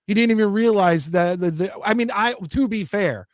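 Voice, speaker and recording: A man's voice: high-pitched, normal speed, no room sound, studio quality. A man hosting a casual sports talk show, reading viewer comments aloud and ranting with many restarts. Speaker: podcast host reading chat.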